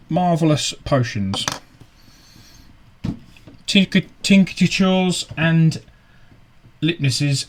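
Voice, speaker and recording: A man voicing a shady male potion seller with a showy, drawn-out sales pitch. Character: dodgy male potion peddler, smooth-talking salesman.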